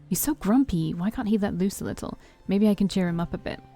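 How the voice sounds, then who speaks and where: A woman's voice: medium pitch, fast, mellow, soft background music. Playful woman reading a story game aloud. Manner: playful, with side comments. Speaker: let's play streamer. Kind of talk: reading a visual novel aloud, first person.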